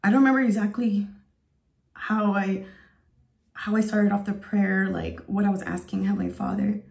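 A woman's voice: medium pitch, steady tone, moderate pace, gravelly, a little mellow. A woman in her thirties giving an earnest, emotional spoken testimony as a vlogger, rambling with lots of fillers. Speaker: faith vlogger.

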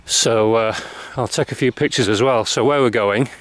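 A man's voice: mid-range voice, normal speed, a bit bright. Man chatting on a hill walk. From Lancashire, England. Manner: chatty, dry self-mocking humour. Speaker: vlogger filming a hill walk. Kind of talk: casual walking commentary. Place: outdoors on a rural hillside. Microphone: handheld camera mic. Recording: outdoor camera audio with clear background noise.

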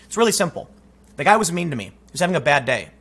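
A man's voice: fairly high pitch, sing-song, fast, gravelly, fairly bright tone, breathy edge. A man giving emphatic, conversational opinion commentary and telling a personal story. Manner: emphatic, conversational, frequent restarts. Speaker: political commentator.

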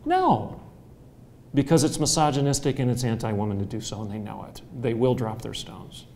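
A man's voice: mid-range voice, fairly even intonation, fast, creaky, a little hiss or hum. Forthright, preacherly man on a panel. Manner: forthright, preacherly, builds to loud emphatic rhetoric. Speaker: university president on a panel. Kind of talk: panel discussion answer. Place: conference hall.

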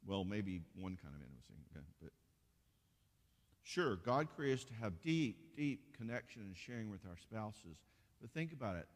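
A man leading a marriage conference session, folksy and animated, acting out quoted spouses. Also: lowish voice, moderate pace. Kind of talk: conference sermon. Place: church auditorium. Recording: long hall reverb.

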